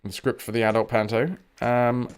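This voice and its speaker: A man's voice: medium pitch, level tone, normal speed, smooth. A man chatting and joking while playing a game on stream, swearing freely. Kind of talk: casual game commentary.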